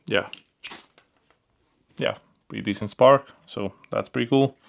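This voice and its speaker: Gravelly man reviewing gear casually. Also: mid-range voice, a little slow, slight background noise. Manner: relaxed, repeats fillers like "pretty cool" and "yeah"; handles the gear while talking. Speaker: product reviewer.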